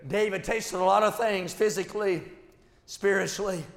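A man's voice: high-pitched, fairly even intonation, moderate pace. A man preaching a sermon at a large meeting, in a rhythmic, repetitive preaching cadence. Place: large meeting hall with a built platform. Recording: echoey hall with long reverb.

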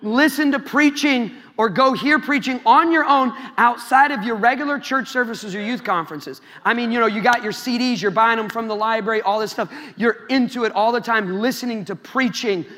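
A man's voice: extremely high pitch, moderate pace, few pauses, sharp tone. A young man from Iowa preaching a sermon to a youth crowd in a large church hall, telling stories and addressing the audience directly. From Iowa, USA. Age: young adult. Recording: long hall reverb.

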